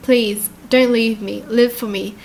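A woman reading out a devoted young boyfriend's text messages in a tender, pleading way, close to her own high voice. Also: steady tone, takes it slowly, creaky, darkish tone, slight background noise.

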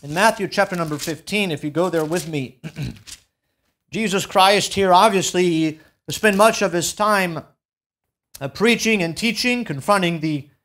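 A male pastor preaching a sermon in a church, swinging from loud, emphatic peaks to low, quiet drops and drawing out key words as he reads scripture. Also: unhurried. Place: church sanctuary.

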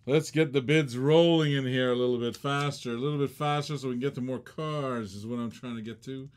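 A man's voice: mid-range voice, steady tone, brisk, clean tone. A man co-hosting a live toy car auction, playful and laughing as he calls out the bids.

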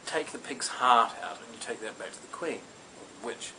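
A man's voice: medium pitch, animated, normal speed, sharp tone, a little hiss or hum, poor audio. A man voicing a practical, matter-of-fact young princess in a told comic fairy tale.

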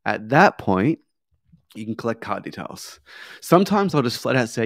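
A man's voice: medium pitch, big pitch swings, moderate pace, no echo, studio quality. A man teaching a sales training lesson, coaching in a repetitive, emphatic way and acting out bits of sales dialogue. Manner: coaching, repeats key points, acts out sales dialogue.

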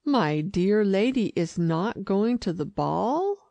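A woman's voice: medium pitch, big pitch swings, slow, darkish tone, dry recording. A woman reading an audiobook, voicing a proper, disapproving male dog who falters primly. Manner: faltering, prim.

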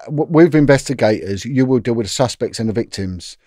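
A man's voice: medium pitch, lively intonation, brisk, mellow, no echo, studio quality. A middle-aged British man, a former police detective telling a long anecdote in a casual interview, with lots of restarts. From Britain.

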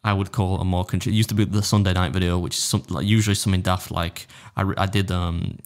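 A man's voice: low voice, flat delivery, quick pace. A man chatting casually as an interview guest, rambling and self-deprecating, with many restarts. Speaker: food challenge YouTuber, guest.

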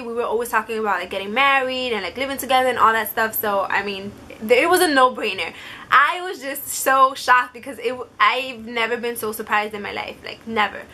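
On the high side and sharp in tone, a young woman's voice relays a personal story to camera like a casual vlog. She fills it with "like" and briefly quotes what others said in quick asides.

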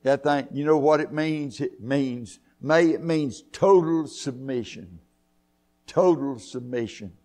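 A man preaching a church sermon, fervent, rising to loud high peaks and throwing in hallelujahs. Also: takes it slowly. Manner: punctuates with hallelujahs and amens. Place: church sanctuary.

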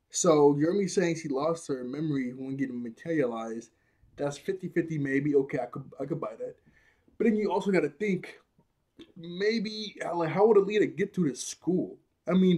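A young man casually recapping and reviewing a cartoon episode, animated and slangy, laughing often as he retells scenes. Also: fairly high pitch, normal speed, slightly rough.

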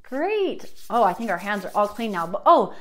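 A young woman teaching a children's music class, talking in a sing-song, animated way with gasps and playful prompts, and singing short rhymes. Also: mid-range voice, moderate pace. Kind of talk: kids' music lesson with songs.

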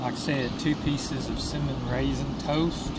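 Out at a wooded campsite, a camping vlogger casually narrates his vlog, chatting easygoingly with viewers as if they're his guys. His medium-pitched voice stays steady at a moderate pace, captured in noisy outdoor camcorder audio.

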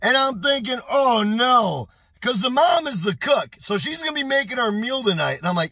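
Male vlogger with a high voice and a dry, close sound, telling a story in a casual, animated way. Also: normal speed, no echo. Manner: animated, exclaiming, repeating phrases. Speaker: YouTube storyteller.

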